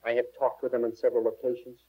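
A man telling a personal testimony to an audience, halting a little and repeating words as he recalls events. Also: medium pitch, completely flat delivery, mellow, slightly rough. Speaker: speaker at a prayer teaching session. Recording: dull lo-fi 1980s tape.

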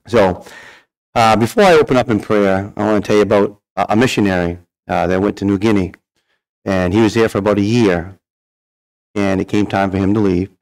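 A man's voice: on the low side, fairly quick, a little mellow. A man with a cold, telling a folksy joke and his personal testimony at church. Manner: folksy storyteller. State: has a cold.

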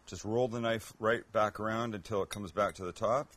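Husky guy cooking and cracking jokes, chatty, goofs on himself. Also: lowish voice, steady tone, normal speed, a bit bright. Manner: joking, chatty, self-mocking asides. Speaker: cooking show host. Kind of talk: casual cooking demo chat.

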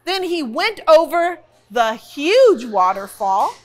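Librarian reading aloud to kids, high bright lively voice, unhurried. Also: female voice. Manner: playful, expressive, chatty asides. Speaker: library storytime reader. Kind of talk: reading a picture book aloud.

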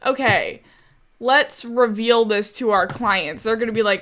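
Bright-voiced young woman narrating gameplay. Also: on the high side, lively intonation, unhurried. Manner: exasperated, chatty, talks to game characters. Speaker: gaming creator. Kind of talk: casual gameplay commentary.

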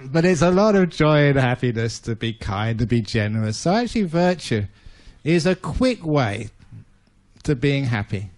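A man, a Buddhist monk, giving a talk and telling a playful story in an animated way. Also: mid-range voice, moderate pace.

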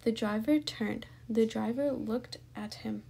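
A woman reading a children's storybook aloud with clear, expressive storytelling. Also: a little high, measured pace. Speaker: storybook reader. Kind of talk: children's book read-aloud.

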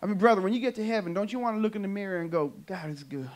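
A man from California performing an animated stand-up comedy set for a church audience. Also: high-pitched, very fast, a little hiss or hum. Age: adult. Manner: animated storytelling punchlines. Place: church sanctuary, live audience.

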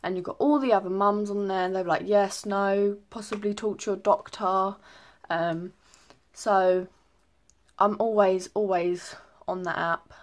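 A young woman talks casually to camera. She rambles and fills gaps with ums. Her pitch sits in an ordinary middle range. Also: steady tone, unhurried. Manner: chatty, lots of ums, rambling. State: a little out of breath. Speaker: vlogger. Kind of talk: casual pregnancy update.

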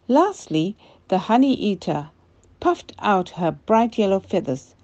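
An older woman narrates a children's storybook tale gently and slowly. Her voice is mellow and dark, and the recording is dull and lo-fi. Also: medium pitch, big pitch swings.

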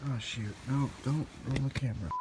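Give me a young man muttering through voice-acting bloopers in a mellow, dark voice. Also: medium pitch, steady tone, normal speed, slight background noise. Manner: stumbling over lines, mutters self-corrections. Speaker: fan voice actor.

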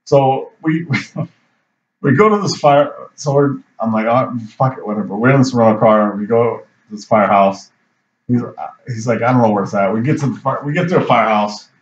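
A man's voice: medium pitch, brisk. A man co-hosting a podcast, telling a profane anecdote in a casual, laughing way. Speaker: podcast co-host. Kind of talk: casual storytelling chat. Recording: roomy, dull lo-fi sound.

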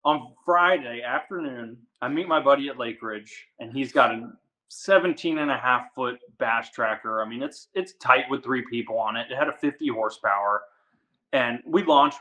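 A man from the Washington DC area, a guest angler, telling a story in casual chat, animated and full of "like". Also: medium pitch, low-quality recording. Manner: animated, fast, says "like" a lot.

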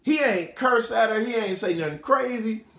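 Male host speaking AAVE, high-pitched and lively, rambling delivery, echoey room. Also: moderate pace, creaky, a little hiss or hum. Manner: rambling, self-correcting, animated. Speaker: podcast host. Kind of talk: casual storytelling commentary.

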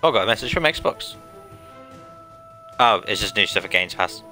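A man's voice: on the low side, animated, normal speed, pushed and bright. A man hosting a gaming channel, making offhand, dry comments while playing. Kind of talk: let's play commentary, reading out the dialogue. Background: game music.

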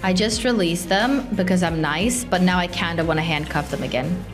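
A young woman hosting a gaming channel, commenting on her gameplay in a playful, excitable way and calling out to other players. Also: lowish voice, moderate pace. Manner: excitable, exclaims often, talks to other players. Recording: light background music.

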